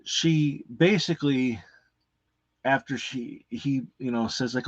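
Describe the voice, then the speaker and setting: A man's voice: mid-range voice, moderate pace, dry recording, lo-fi sound. A man hosting a casual live unboxing, rambling and cursing freely with lots of fillers. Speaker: movie reviewer and unboxing host.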